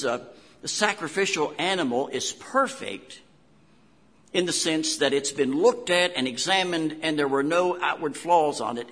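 Gravelly older preacher with West Virginia accent. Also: male voice, fairly high pitch, pushed and bright, long reverb tail. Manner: folksy storytelling preacher with homespun asides. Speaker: pastor. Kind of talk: sermon.

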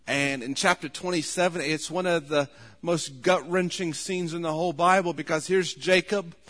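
A man's voice: fairly high pitch, fairly even intonation, normal speed. Earnest preaching man in a reverberant hall. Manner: earnest, rises to loud pleading when quoting. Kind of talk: sermon.

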